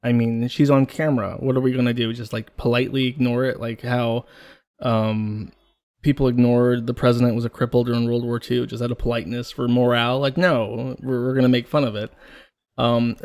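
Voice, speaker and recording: A man's voice: mid-range voice, darkish tone. A man co-hosting a podcast, talking bluntly and mockingly in casual commentary, with plenty of swearing. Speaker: podcast co-host.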